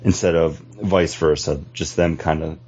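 A man hosting a casual podcast, relaxed as he introduces segments and beers. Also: very deep voice, a little slow, slight background noise. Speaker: podcast host. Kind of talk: casual chat. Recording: dull lo-fi podcast audio.

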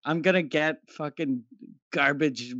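Male podcast co-host, deadpan and crude, slightly muffled lo-fi sound. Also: on the high side, a little slow, no echo. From Canada. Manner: dry, crude, deadpan jokes. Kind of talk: casual comedic podcast chat.

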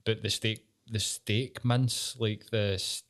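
A man's voice: lowish voice, flat delivery, slow, fairly bright tone. A Scottish man hosting a podcast, all casual chat. He swears freely, riffs and banters, and breaks into laughter often. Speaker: podcast host.

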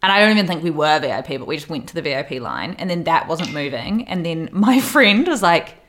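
A woman's voice: sits low, sing-song, fairly quick, fairly bright tone. A young woman in casual chat, telling a story animatedly and acting out the quotes.

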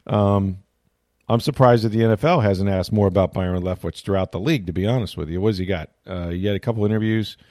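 A man's voice: fairly low pitch, fast, mellow, no room sound, studio quality. A middle-aged man hosting a sports talk show, telling a story in a casual, rambling way and interrupting himself often. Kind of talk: casual chat.

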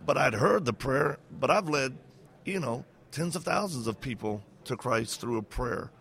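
A gravelly-voiced man hosting a casual interview. His voice sits in the middle range with plenty of fry. He talks in a loose, chatty way, with quick asides and reactions. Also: mid-range voice, expressive, a bit bright. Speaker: host.

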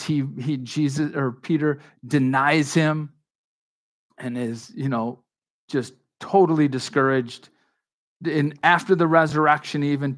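A man preaching a sermon as pastor, talking in a conversational but emphatic way, with restarts and asides to his congregation. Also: medium pitch. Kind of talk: expository sermon.

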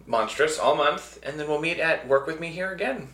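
A man's voice: a little high, moderate pace, fairly bright tone. Joking American man in a roomy room. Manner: joking, teasing banter. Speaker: podcast co-host. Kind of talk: casual podcast chat.

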